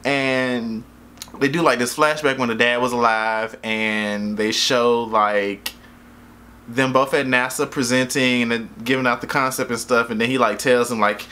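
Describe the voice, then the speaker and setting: A man's voice: mid-range voice, fairly even intonation, measured pace, pushed and bright, slight background noise. A man casually reviewing a movie in a rambling, jokey, profane way, often losing track of names.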